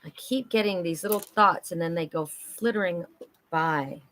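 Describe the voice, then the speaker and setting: A woman's voice: fairly low pitch, moderate pace, a bit bright, a little hiss or hum. A middle-aged woman leads a live oracle reading. She talks in a chatty, upbeat way, cheering on her viewers. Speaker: oracle card reader and psychic host.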